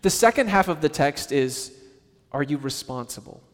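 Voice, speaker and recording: A man preaching a sermon to his congregation in a conversational, animated way, acting out little quotes as he goes. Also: on the high side, normal speed. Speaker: pastor. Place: church sanctuary. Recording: church hall with long reverb.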